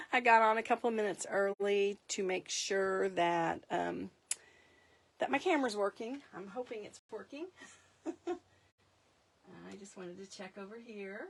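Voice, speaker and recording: A woman's voice: mid-range voice, measured pace, long pauses. A middle-aged woman hosting a live paper craft demonstration, chatty, laughing often and correcting herself mid-sentence.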